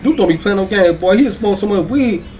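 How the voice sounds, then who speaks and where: A man's voice: high-pitched, animated, fairly quick, darkish tone, soft background music. A man hosting a reaction video, talking casually and often checking in with viewers. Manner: chatty, keeps checking in with viewers. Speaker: YouTube reaction host.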